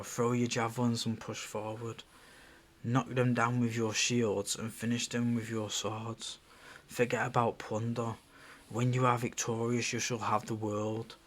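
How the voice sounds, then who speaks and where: A man reading the part of a stern Roman governor aloud from a screenplay, in a quiet, measured and threatening way. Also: medium pitch, lightly acted. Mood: commanding. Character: stern male Roman governor, menacing and cold.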